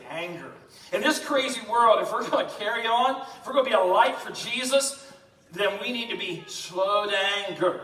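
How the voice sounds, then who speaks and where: A man preaching a lively, joking sermon in a church, talking fast and addressing the congregation. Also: sits high. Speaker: pastor. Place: church sanctuary. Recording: echoey church from a distance.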